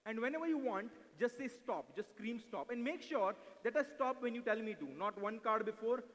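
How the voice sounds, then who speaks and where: Guy doing card tricks on stage, high quick voice, big echoey hall. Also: lively intonation, a bit bright. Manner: brisk and playful, mixing English with Hindi, coaxing volunteers. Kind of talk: live stage mentalism act with audience volunteers. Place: large event hall. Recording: live hall recording with long reverb.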